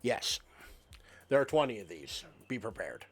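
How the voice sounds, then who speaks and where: A man's voice: fairly low pitch, big pitch swings, unhurried, husky, faint music behind. A male streamer on a live game stream, reading out game text and word lists with playful asides.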